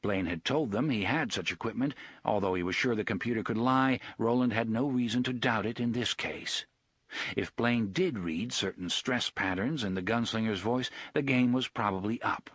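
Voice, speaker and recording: A man narrating an audiobook in a steady, expressive reading voice. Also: lowish voice, normal speed, slightly rough, dry recording, studio quality.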